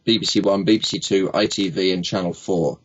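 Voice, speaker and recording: A man's voice: deep voice, fairly even intonation, fairly quick, slight background noise. A man, a speaking coach, telling jokey anecdotes in a casual interview and acting out little quoted exchanges. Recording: dull lo-fi recording.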